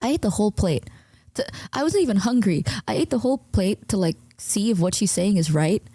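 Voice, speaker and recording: A young woman streamer talking quietly at home, telling a story to her chat with animated, stammering imitations of herself. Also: medium pitch, brisk, husky, no room sound. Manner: hushed, quiet, keeps voice down. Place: at home, indoors.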